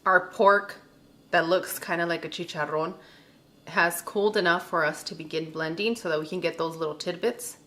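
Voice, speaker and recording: A woman's voice: on the low side, moderate pace, a bit bright. A woman hosting a casual home cooking demonstration, chatty and giggly, talking the viewers through each step. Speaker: cooking show host. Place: home kitchen with frying food.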